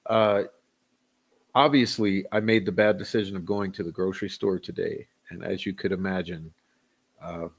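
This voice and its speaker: Low-voiced man hosting a livestream. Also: fairly even intonation, normal speed, slightly rough. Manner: loose and rambling, many fillers, chuckles. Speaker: livestream host. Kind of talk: casual livestream chat, reading chat names.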